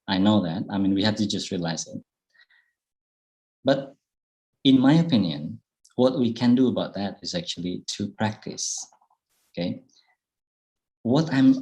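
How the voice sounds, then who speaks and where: A man with an Indonesian accent giving an online public speaking talk, speaking slowly and thoughtfully with frequent fillers and restarts. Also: on the low side, darkish tone, low-quality recording. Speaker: guest speaker. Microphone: video call.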